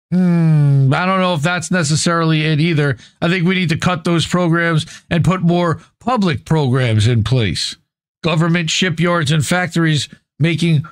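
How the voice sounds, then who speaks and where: A man's voice: fairly high pitch, no room sound. A man hosting a podcast, reading an article aloud and breaking off to comment in a blunt, opinionated way, swearing casually as he goes. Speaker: podcast host.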